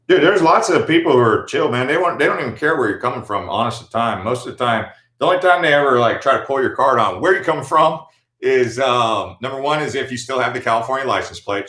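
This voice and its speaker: A man's voice: mid-range voice, fairly bright tone. An American man hosting a livestream, chatting casually and in a laid-back, slangy way while answering viewer comments. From United States. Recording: echoey room.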